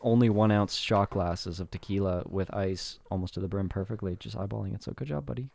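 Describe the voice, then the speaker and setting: Young man from Canada, podcast co-host, low deep voice, relaxed teasing banter. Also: fairly quick, gravelly. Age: young adult. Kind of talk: casual chat.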